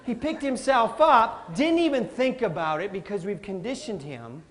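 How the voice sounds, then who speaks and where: Animated man giving a motivational talk. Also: sits high, moderate pace, noisy background. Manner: animated, addresses crowd as folks, acts out quotes. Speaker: motivational speaker. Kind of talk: live motivational talk to an audience.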